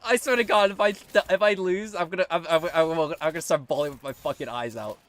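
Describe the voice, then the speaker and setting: A young man live-streaming a game, swearing often and swinging between squealing pleas and low muttering. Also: brisk, fairly bright tone. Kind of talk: live gameplay commentary.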